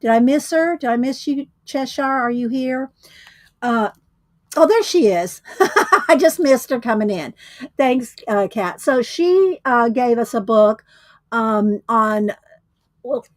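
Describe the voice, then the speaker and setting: A livestream host, a woman with a slightly high voice, chats casually with her viewers and laughs a lot. She speaks slowly but in an animated way. The audio is close and dry, with no room echo.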